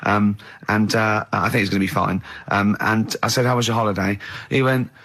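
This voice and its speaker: A man's voice: on the low side, fairly even intonation, brisk, a bit bright. A man hosting a radio show, telling stories in casual banter and often laughing as he quotes a friend. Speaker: radio host. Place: radio studio.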